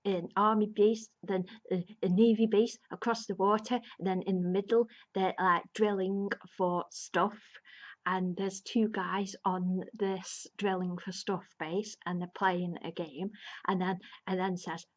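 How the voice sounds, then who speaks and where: A woman chats her way through a story summary for her video review, stumbling over restarts, fillers and little laughs as she goes. Her voice sits at an ordinary middle pitch. The recording sounds a bit muffled and lo-fi. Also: steady tone, unhurried. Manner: rambling, with many restarts and fillers; amused, laughs between lines. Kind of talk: casual retelling of a plot. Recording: slightly dull lo-fi sound.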